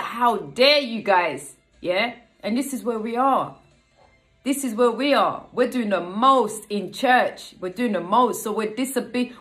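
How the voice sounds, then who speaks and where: A woman's voice: a little high, fairly bright tone. A woman preaching a casual online sermon, often checking in with "yeah?" and repeating phrases for emphasis.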